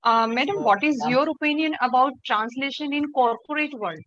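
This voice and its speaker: A woman asking a lecturer a question over a video call, hesitant and halting. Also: high voice, a bit bright, no echo, lo-fi sound.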